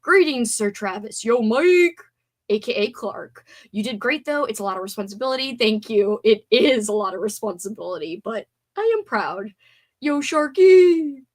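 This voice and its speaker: A woman's voice: medium pitch, expressive, normal speed. A woman hosting a livestream, chatting casually, reading viewer comments aloud and grumbling with playful swearing. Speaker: livestream host.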